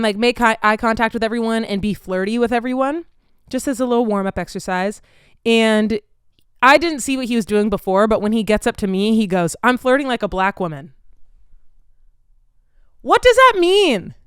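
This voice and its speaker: A woman's voice: fairly high pitch, smooth, no echo, studio quality. Casual young woman ranting with swears. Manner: candid, swears freely, lots of "like". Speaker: vlogger. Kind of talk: casual storytelling chat.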